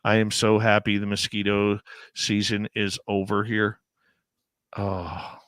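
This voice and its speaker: A middle-aged man hosting a radio show, chatting casually and warmly calling his guest brother and man. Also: on the low side, completely flat delivery, slow pace, no room sound, clean studio sound. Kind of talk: casual interview chat.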